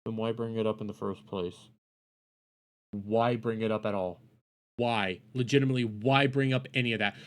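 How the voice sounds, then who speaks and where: A man's voice: mid-range voice, moderate pace. Exasperated young man ranting at a video. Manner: ranting, swears, repeats himself, bursts into loud outbursts. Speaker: reaction channel host. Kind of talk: exasperated commentary over a video. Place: home at night.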